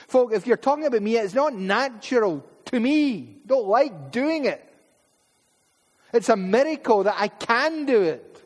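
A Scottish man preaching in church, his voice sitting high for a man. He is emphatic, often repeating words and slipping into asides. A long reverb trails off every phrase. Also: expressive, measured pace. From Paisley, Scotland. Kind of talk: sermon.

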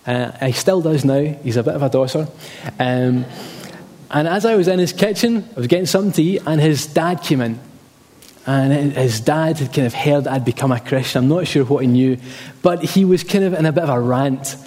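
Preacher in a ringing hall. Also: male voice, a little high, fairly quick, dark tone. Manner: emphatic, repeats key phrases, personal anecdotes. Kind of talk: sermon.

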